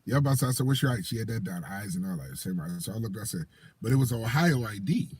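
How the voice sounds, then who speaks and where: A man, telling animated stories in casual chat and acting out the voices of the people in them. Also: on the low side, fast talker, husky. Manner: animated storyteller acting out quoted voices, laughing often. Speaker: co-host.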